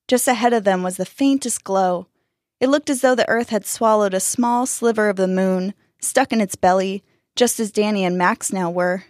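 A woman reading a spooky children's story aloud, measured and expressive. Her voice sits in a middle pitch, and the recording is close and dry. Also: no room sound. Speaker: narrator. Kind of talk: storybook narration.

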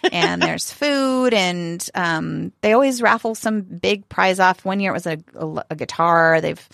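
A woman's voice: lowish voice, a little slow, vocal fry, a bit bright, no echo, clean studio sound. A middle-aged woman co-hosting a casual chat show, enthusiastic and prone to repeating herself. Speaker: podcast co-host.

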